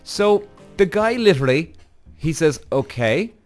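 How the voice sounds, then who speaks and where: A man hosting a podcast, telling a story in an animated, swearing rant aimed straight at his listeners. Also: a little high, measured pace, faint music behind. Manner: animated, addresses audience directly, frequent swearing and acted-out quotes. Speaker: podcast host.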